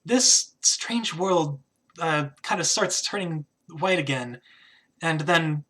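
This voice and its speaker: A man's voice: fairly high pitch, slow pace, sharp tone. A man narrating as game master in a tabletop game, talking casually with frequent hesitations. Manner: casual, hesitant, lots of "kinda".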